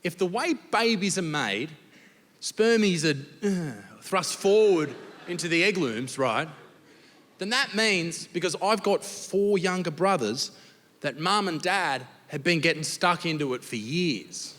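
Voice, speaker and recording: A young Australian man performing crude, profane stand-up comedy, telling stories and shouting the punchlines. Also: high-pitched, animated, unhurried. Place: large theatre stage with audience laughter. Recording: live show with long hall reverb and background noise.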